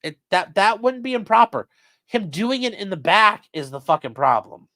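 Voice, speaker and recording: Guy ranting thru a court transcript, lots of swearing, pitch all over the place. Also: normal speed, dry recording, studio quality. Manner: profane, animated, reads quotes in shifting voices. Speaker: legal commentary streamer. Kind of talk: casual live-stream commentary reading a transcript.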